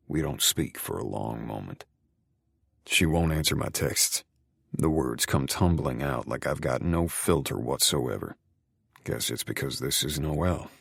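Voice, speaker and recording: A man's voice: a bass voice, gravelly, a bit bright, husky, dry recording, studio quality. A man narrating a first-person romance audiobook in a brooding, intimate way.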